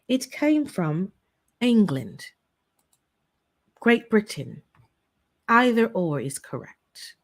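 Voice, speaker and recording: A woman hosting a casual live-stream holiday trivia game, chatty and playful, teasing her viewers. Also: mid-range voice. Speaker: livestream host running holiday trivia.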